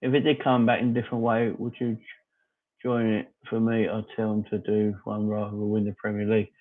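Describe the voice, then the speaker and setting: A man's voice: on the low side, monotone, a little fast. Man on a tinny, phone-like line. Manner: rambling, opinionated, answers viewers by name. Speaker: fan channel host reading live chat. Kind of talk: casual live-stream chat. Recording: phone-like narrow audio.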